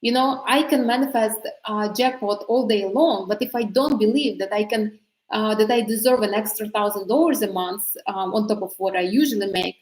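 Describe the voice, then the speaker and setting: A woman's voice: medium pitch, moderate pace, darkish tone, reverberant, poor audio. A woman coaching casually on manifesting, chatty with many fillers and restarts. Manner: chatty, frequent fillers and self-corrections, laughs often. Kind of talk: casual advice talk.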